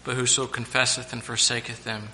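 A man preaching a sermon to his church, now and then shouting out the lines of the story he tells. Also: mid-range voice, level tone, brisk, slight background noise. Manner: preaching with sudden loud acted-out shouts.

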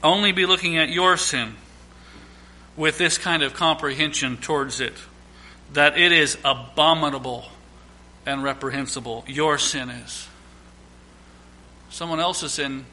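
A man, a pastor with young children, preaching a sermon, emphatic, repeating and listing phrases, swinging from loud declarations to quiet asides. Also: a little high, unhurried, long pauses.

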